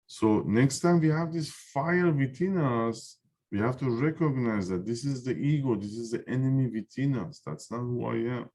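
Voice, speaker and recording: A middle-aged man gives a spiritual lesson. He talks earnestly and repeats key phrases, pausing often on fillers while he finds his words. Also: mid-range voice, darkish tone. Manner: repetitive, earnest, pauses with fillers. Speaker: Zohar teacher.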